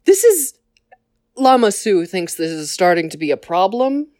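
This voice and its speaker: Wry, animated woman telling a story. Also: mid-range voice, dry recording, clean studio sound. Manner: wry, animated, quick asides. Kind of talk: casual story retelling.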